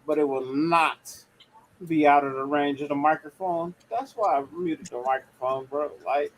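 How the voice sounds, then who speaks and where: A man's voice: a little high, normal speed, slight background noise, low-quality recording. A man talking drunk and rambling, swearing and laughing a lot in a casual chat over a video call.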